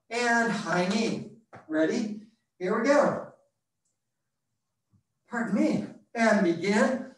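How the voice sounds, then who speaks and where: A man coaching a live running workout over a video call, counting reps aloud and a bit out of breath, clearing his throat now and then. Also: high voice, slow pace, pauses often, echoey room, slight background noise. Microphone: computer mic on a video call.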